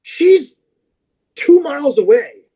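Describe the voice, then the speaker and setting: A man who is a podcast guest, telling long, animated anecdotes in casual chat, with plenty of fillers and restarts. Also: extremely high pitch, takes it slowly, low-quality recording.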